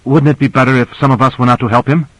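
A man's voice: medium pitch, normal speed, no echo, natural voice, poor audio. A man reading the part of a tense, determined young woman in an audiobook.

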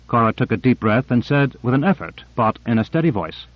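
A man reading an audiobook in an even, measured way. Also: medium pitch, no echo. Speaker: audiobook narrator. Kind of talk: scripted narration. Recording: dull, dry audio.

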